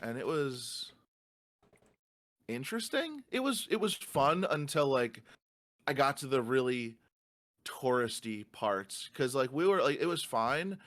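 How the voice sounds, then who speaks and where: A man's voice: medium pitch, very animated, measured pace, fairly bright tone, no room sound. A man co-hosting a podcast in casual chat, swearing freely and ranting through stories. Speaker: podcast co-host.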